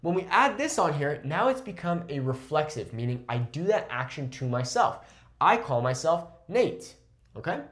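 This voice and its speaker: A young man gives a language lesson. His voice sits a little high and swings up and down as he explains each phrase and what it means. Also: moderate pace. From California. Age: 20s. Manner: lively explaining, switches between English and Spanish. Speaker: Spanish teacher.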